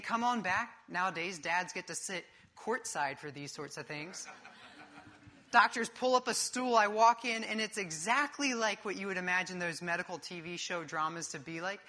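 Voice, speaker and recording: A young man preaching a sermon, telling a personal story in a vivid, animated way. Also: high voice, moderate pace.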